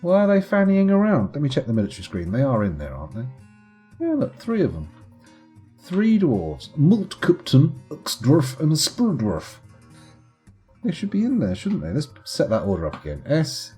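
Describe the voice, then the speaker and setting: A man's voice: on the high side, huge pitch swings, moderate pace, mellow, faint music behind. A man streaming live gameplay commentary in a playful, chatty, self-mocking way.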